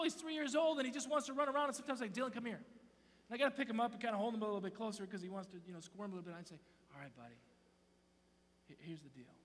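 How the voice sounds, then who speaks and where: A man in his thirties giving a sermon to a young crowd, playful and swinging from loud bursts to hushed near-whispers. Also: extremely high pitch. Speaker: youth speaker. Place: church auditorium. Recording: long hall reverb, faint hum.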